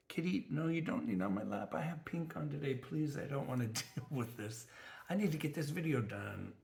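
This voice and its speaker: A man's voice: medium pitch, gravelly. A man in his sixties hosting a crafting vlog, talking casually to camera in a chatty, rambling way with lots of fillers. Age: 60s. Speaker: crafting channel host.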